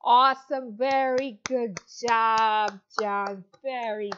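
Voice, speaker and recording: A woman in her thirties, an ESL teacher, giving a demo online lesson to a child with slow, exaggerated, encouraging speech and lots of praise. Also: fairly high pitch, fairly even intonation, a bit bright, highs cut off, slight background noise. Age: 30s.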